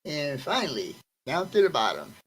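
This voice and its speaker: A man's voice: a little high, huge pitch swings, normal speed, fairly bright tone, a little hiss or hum, rough recording. Friendly man greeting stream viewers. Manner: friendly, greets viewers by name one after another. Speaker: livestream host greeting chat. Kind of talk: casual livestream chat.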